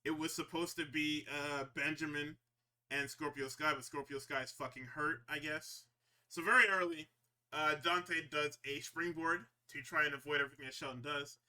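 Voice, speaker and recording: A man co-hosting a podcast, casually recapping wrestling shows in an animated, profane way and slipping into quick impressions. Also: a little high. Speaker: podcast co-host.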